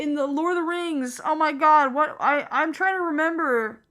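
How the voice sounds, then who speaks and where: A young woman streamer with a high voice, chatting to her viewers as she plays and breaking into excited outbursts. Faint music plays quietly underneath her talk. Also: normal speed. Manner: chatty, excitable, swears casually, gets loud when surprised. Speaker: gaming streamer. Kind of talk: casual live-stream commentary.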